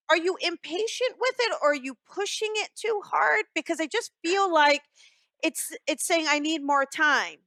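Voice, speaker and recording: A woman's voice: very high-pitched, fairly bright tone, no echo. A woman hosting a radio call-in show as a psychic medium. She talks in a chatty, soothing way, with many fillers, and calls her callers "honey.".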